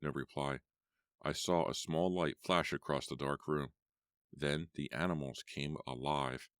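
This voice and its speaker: Very deep-voiced male audiobook narrator. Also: steady tone, clear, resonant tone, no room sound, clean studio sound. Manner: measured storytelling. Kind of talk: first-person horror audiobook narration.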